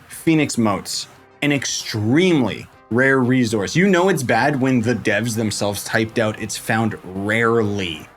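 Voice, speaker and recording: Speaking into a desk mic, a game guide creator gives laid-back commentary for a tutorial. He wanders off playfully with jokes on the side, and his pitch jumps without warning.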